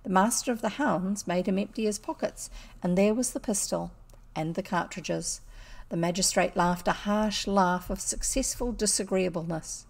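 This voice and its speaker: A woman with a New Zealand accent, reading a classic children's story aloud in an expressive, measured way. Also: medium pitch, creaky. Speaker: audiobook reader. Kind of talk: storybook narration.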